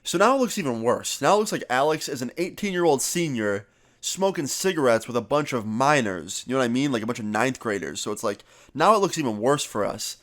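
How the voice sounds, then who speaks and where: A young man vlogger telling a story in a casual, animated way and swearing freely. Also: mid-range voice, fairly quick.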